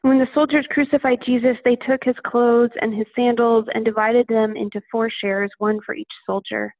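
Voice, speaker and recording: A woman reading a Bible passage aloud in a steady, plain manner. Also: on the high side, normal speed, dry recording. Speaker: scripture reader. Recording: tinny phone-like line.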